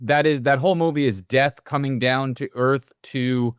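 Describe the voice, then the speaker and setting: A man co-hosting a podcast, talking in an animated, offhand way with quick asides. His voice is smooth and clear at a middle pitch. The sound is dry and close. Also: no room sound. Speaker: podcast co-host. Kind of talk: casual film discussion.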